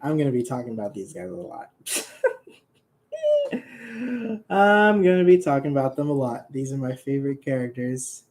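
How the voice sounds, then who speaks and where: A man's voice: medium pitch, expressive, moderate pace, pauses often, darkish tone. A young man casually chatting on a livestream about his comic characters, rambling, joking and laughing often. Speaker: comic creator streaming.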